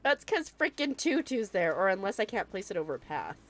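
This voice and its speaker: A woman's voice: mid-range voice, very animated, fairly quick, faint music behind. A young woman with the hiccups, chatting casually and laughing often while streaming a video game. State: has the hiccups. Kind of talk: casual gameplay chat.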